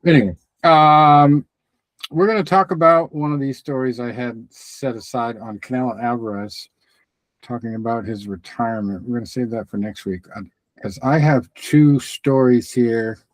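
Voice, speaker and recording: A man's voice: medium pitch, moderate pace, dry recording, low-quality recording. A man co-hosting a fight-sports podcast, chatting casually and rambling with lots of fillers. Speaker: podcast co-host.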